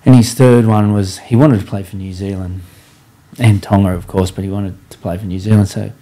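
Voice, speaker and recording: Mellow, low-voiced male podcast host. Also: steady tone, fairly quick. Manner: reflective, recounts a player's story steadily. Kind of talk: casual interview chat.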